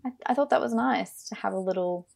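A woman's voice: medium pitch, brisk, vocal fry, darkish tone. An Australian woman co-hosting a podcast, giving blunt, emphatic opinions in a casual film chat. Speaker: podcast co-host.

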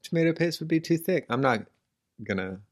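A man's voice: on the high side, animated, fairly quick. A man co-hosting a podcast in casual chat, drawling and questioning, playfully stubborn. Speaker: podcast co-host.

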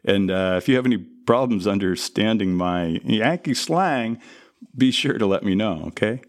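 This is a relaxed, friendly man in an audio drama, voiced by an actor. His voice sits a little low but swings widely in pitch, and his delivery stays casual and easygoing. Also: moderate pace, natural voice. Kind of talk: audio drama line reading.

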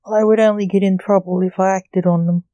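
Lady reading a jumpy goth teen boy, dark mellow tone, dry close sound. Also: mid-range voice, steady tone, a little fast, no room sound, natural voice. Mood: anxious. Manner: anxious, apologetic.

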